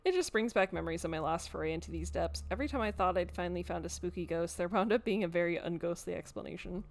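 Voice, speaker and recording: A woman's voice: fairly low pitch, quick pace, vocal fry. A woman voicing an upbeat young woman ghost hunter who talks in a breezy, chatty way.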